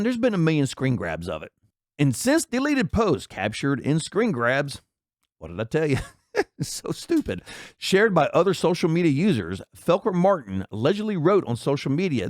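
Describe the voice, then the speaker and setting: Animated, sarcastic ranting man. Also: a little high, dry recording, clean studio sound. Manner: sarcastic, indignant and mocking. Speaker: commentary channel host. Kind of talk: ranting commentary.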